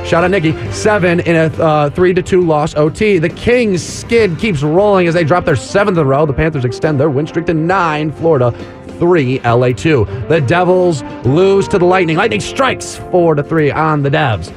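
A man's voice: fairly high pitch, music in the background. A man hosting a sports radio show, reeling off scores with puns and laughing at his own jokes. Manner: punny rapid-fire score rundown with laughs. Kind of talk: hyped sports radio banter.

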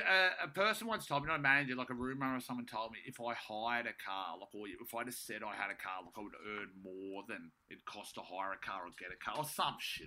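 A man's voice: mid-range voice, bright, forceful tone. A young man, a comedian, telling a story in casual, rambling style, sweary and self-mocking, with lots of restarts. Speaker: comedian guest.

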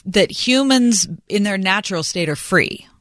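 A woman's voice: mid-range voice, animated, measured pace, a bit bright, no room sound. Woman, radio host, dry close sound, asks follow-ups, summarizes points. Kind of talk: radio interview.

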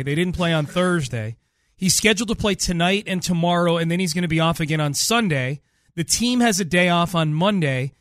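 A man hosting a casual sports talk show, chatting about the team and reading statistics out slowly and deliberately. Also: a little high, fairly bright tone, no echo, clean studio sound. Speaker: sports radio host.

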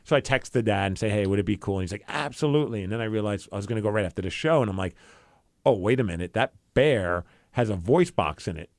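A man's voice: lowish voice, fast, dry recording. A man hosting a radio show, telling a personal story in an earnest, emotional way. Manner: earnest and emotional, quoting people in his own voice. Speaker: radio and podcast host. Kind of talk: storytelling chat. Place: radio studio.

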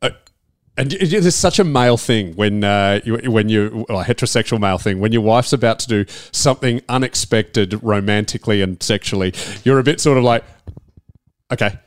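A man's voice: on the low side, a little fast, smooth, dry recording, studio quality. A middle-aged man, co-hosting a casual chat podcast and telling a rambling story while laughing at himself. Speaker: podcast co-host.

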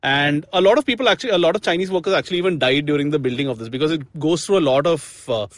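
A man's voice: fairly high pitch, animated, very fast, no echo, studio quality. A young man hosting a podcast in casual, jokey, rambling chat. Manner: jokey, rambling, laughs often. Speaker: podcast host.

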